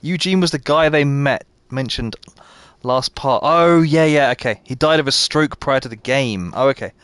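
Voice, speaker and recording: A man's voice: medium pitch, a bit bright, smooth, dry recording. British man chatting over a game stream. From Britain. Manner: self-deprecating, quick asides to chat, laughs often. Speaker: gaming streamer. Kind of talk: casual live gameplay commentary.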